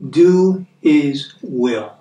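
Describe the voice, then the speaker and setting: A man with an American accent giving a conversational sermon, earnest, repeating words for emphasis and reading scripture slowly. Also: a little high, expressive, warm tone. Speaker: preacher. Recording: echoey room, mic at a distance.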